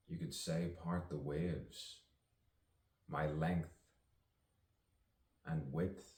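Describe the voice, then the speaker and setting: An actor and poet with a bass voice, a little mellow in tone, riffs out improvised spoken-word poems, playful and reflective, with chuckles in between lines. The mic sits at a distance, giving a roomy sound.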